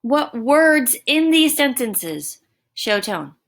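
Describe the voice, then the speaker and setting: Woman, teacher, recorded lesson, unhurried, deliberate explaining. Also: sits high, sing-song, fairly bright tone. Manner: deliberate, explaining with emphatic examples. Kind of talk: recorded distance-learning lesson. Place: home.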